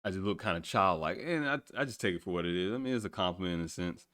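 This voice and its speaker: Animated, laughing man in his thirties. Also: low-pitched, racing. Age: 30s. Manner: animated, laughs often, swears, colloquial. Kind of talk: casual storytelling chat.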